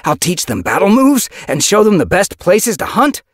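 A man playing a wounded young warrior tom from a storybook, loud and accusing, his raised voice jumping around. He sounds slightly husky. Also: sits high, wildly swooping pitch, normal speed, dry recording, clean studio sound, pitched above the performer's own voice, exaggerated voice. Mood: eager. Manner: sharp, accusing. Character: hurt, angry young tom cat warrior.

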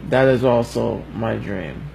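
Slow, gravelly-voiced man near tears. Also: medium pitch, noisy background. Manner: slow, halting and heartfelt, fighting back tears. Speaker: livestreamer. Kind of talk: emotional birthday message on a livestream.

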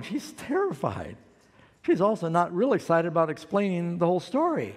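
A man's voice: high-pitched, huge pitch swings, moderate pace, long reverb tail. An older man preaching a sermon as pastor, telling a story and acting out the quoted voices.

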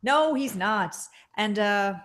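A woman's voice: mid-range voice, lively intonation, slow pace, fairly bright tone. A middle-aged woman hosting a casual livestream chat, reading out viewer comments, laughing often. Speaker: show host. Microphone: desk mic.

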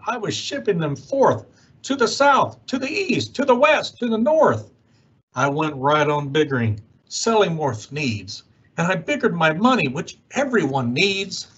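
A man reading a rhyming children's storybook aloud with an expressive, swooping delivery. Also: sits high, slightly rough, dull audio. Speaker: youth organization director.

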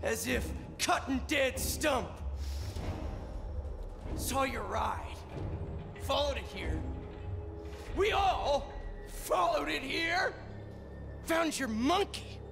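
Gravelly high-voiced wasteland warlord, slow gloaty game villain, music under it. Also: male voice, lively intonation, full character voice. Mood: gloating menace. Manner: slow theatrical gloating menace. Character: menacing male wasteland warlord, gloating and sadistic. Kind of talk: video game cutscene acting.

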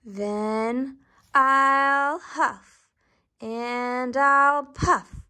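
A woman voicing a menacing, boastful big bad wolf in a storybook read-aloud, drawing out his threats slowly. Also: high voice, pushed and bright, full character voice. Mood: threatening. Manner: drawn-out, slow threatening huffing.

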